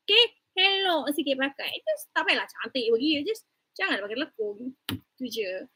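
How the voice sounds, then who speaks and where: This woman, a Kelantanese university lecturer with a Malaysian English accent, gives her class an online briefing, teasing and chatting while moving between Malay and English. She speaks fairly quickly in a high, bright, forceful voice that is very animated. There's no echo, though the audio quality is low.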